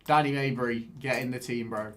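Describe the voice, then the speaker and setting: A man giving casual live-stream commentary while he plays a game, excitable, swearing and chatting with viewers. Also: mid-range voice, brisk.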